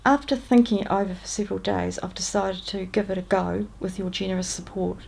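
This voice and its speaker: A woman's voice: mid-range voice, fairly quick, vocal fry, husky. A woman with a New Zealand accent reading aloud her own letters, in a chatty, upbeat way. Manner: warm, chatty letter-reading with lively lifts on greetings.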